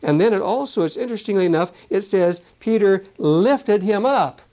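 A preacher with a high-pitched, expressive, mellow voice teaches a Bible sermon at a moderate pace. His delivery is conversational, often sprinkled with "you see" and "you know." The lo-fi recording sounds dull.

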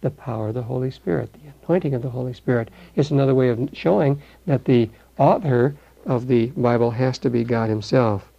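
An older man teaching verse by verse through a Bible passage, animated and acting out the voices in the story. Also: medium pitch, brisk, vocal fry, highs cut off. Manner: animated, acts out voices, repeats words.

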